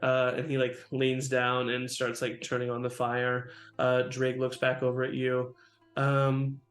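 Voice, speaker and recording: A man's voice: mid-range voice, completely flat delivery, unhurried, a bit bright. A man narrating as game master of a tabletop game, in a loose style with lots of fillers. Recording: roomy with faint music.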